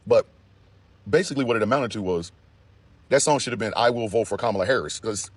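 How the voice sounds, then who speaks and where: A man giving casual, profane commentary in an animated way, with laughing asides. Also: medium pitch, breathy edge, no echo.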